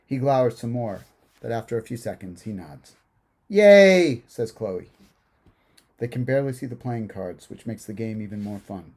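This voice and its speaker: A man, the author, reading his own literary horror story aloud in a measured, hushed, unhurried way. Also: medium pitch.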